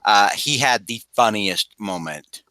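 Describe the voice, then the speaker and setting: A man co-hosting a comic book podcast in casual chat, deadpan and rambling with many restarts. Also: fairly low pitch, slow, no echo. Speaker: podcast co-host.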